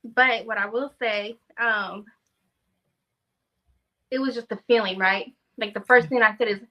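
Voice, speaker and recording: A woman who is a singer, talking in an interview with a sultry, playful, drawn-out delivery. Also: fairly high pitch, fairly even intonation, highs cut off. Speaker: singer and guest. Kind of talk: casual interview chat.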